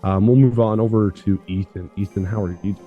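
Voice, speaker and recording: A man's voice: on the low side, steady tone, a little fast, highs cut off, faint music behind. A man from Canada hosting a casual podcast chat, loose and chatty, laughing often. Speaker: podcast host.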